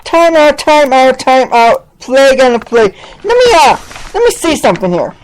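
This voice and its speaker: A woman's voice: high-pitched, very animated, moderate pace, poor audio. A woman hosting an online talk show, mocking a rival in sarcastic, exclaiming commentary. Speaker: podcast host. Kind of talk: ranting commentary on a played clip.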